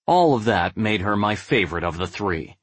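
A young adult man narrating a first-person novel in a measured, brooding way. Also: lowish voice, lively intonation, breathy edge, dry recording. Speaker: audiobook narrator.

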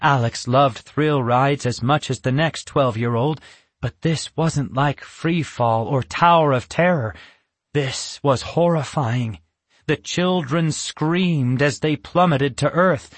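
A man giving scripted audiobook narration in a slow, measured manner. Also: fairly high pitch, no room sound.

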